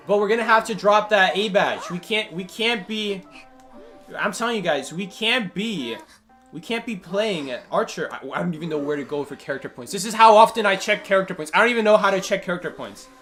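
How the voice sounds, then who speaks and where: A man commentating his own gameplay live, joking and talking to his chat. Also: high-pitched. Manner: animated, joking, talks to chat. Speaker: gaming streamer.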